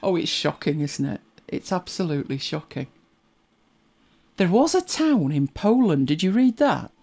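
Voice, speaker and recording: A sing-song, mid-range voice at normal speed, a little mellow, belongs to a middle-aged host with an English accent. The host chats casually and reflectively, often laughing and trailing off into asides.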